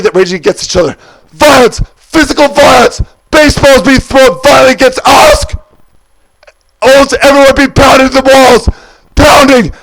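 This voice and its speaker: A man in an agitated spoken monologue, shouting and wailing as he piles up repeated words and lists. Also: extremely high pitch, vocal fry, a little hiss or hum, rough recording.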